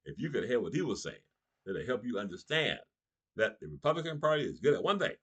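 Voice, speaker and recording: A middle-aged male comedian with a husky, medium-pitched voice delivers a political comedy monologue at a fast, lively, swooping pace. He speaks directly to his audience and chuckles between lines.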